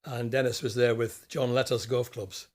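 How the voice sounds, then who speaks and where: A man's voice: medium pitch, flat delivery, moderate pace. An older man from Scotland, a former footballer, recalling stories in an easygoing, chatty way as a podcast guest. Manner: easygoing, anecdotal recollection. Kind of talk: casual interview chat.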